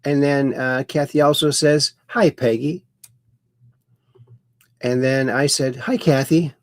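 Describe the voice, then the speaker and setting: A man hosting a casual livestream, slowly reading chat messages aloud with sudden bright upswings. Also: mid-range voice, level tone, no echo. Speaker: host.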